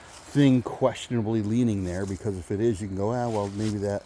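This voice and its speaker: A man vlogging on a walk through the woods, musing in halting speech and now and then calling out loudly. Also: on the low side, steady tone, slight background noise. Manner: musing, halting, with sudden loud call-outs. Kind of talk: rambling walk-and-talk vlog. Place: outdoors in woods.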